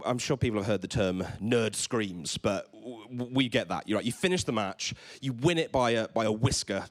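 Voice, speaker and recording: Male presenter, conference talk before a live crowd, eager, trips over his words, mid-pitched voice. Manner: enthusiastic, stammers and repeats words. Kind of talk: conference talk with audience questions. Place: event stage before a live audience.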